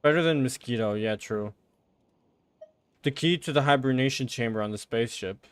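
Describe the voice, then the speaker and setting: A man streaming a game, giving casual commentary with sarcastic remarks, frequent swearing and excitable outbursts. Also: mid-range voice, normal speed, clear, resonant tone, no room sound.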